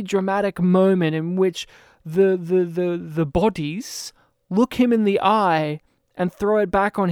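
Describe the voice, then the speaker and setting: High-voiced man chatting about films. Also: smooth, dry recording, clean studio sound. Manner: animated, rambling, quick to mimic characters. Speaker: film podcast co-host. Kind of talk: casual film review chat.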